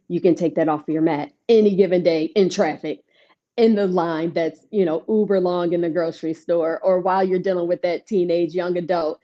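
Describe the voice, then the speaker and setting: A woman yoga instructor talking in an interview, telling her story in an animated, conversational way. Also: on the low side, normal speed. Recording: dull lo-fi audio.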